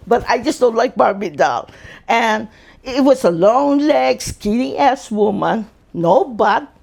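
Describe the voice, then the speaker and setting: A man, telling his life story as an interview guest in an animated way. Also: measured pace, gravelly. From Philippines. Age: 60s. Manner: animated, acts out quotes in high voices.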